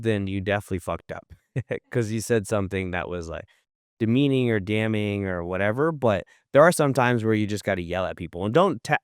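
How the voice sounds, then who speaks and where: A man's voice: fairly low pitch, clear, resonant tone, no echo, studio quality. A man in his thirties co-hosting a podcast, speaking bluntly and swearing freely. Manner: blunt and profane, talks bluntly. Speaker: podcast co-host. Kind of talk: casual podcast chat.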